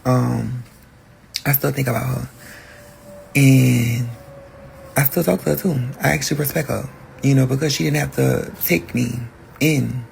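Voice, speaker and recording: A podcast host telling a personal story in a candid, profane, animated way. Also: male voice, medium pitch, measured pace, vocal fry, long pauses, a little hiss or hum.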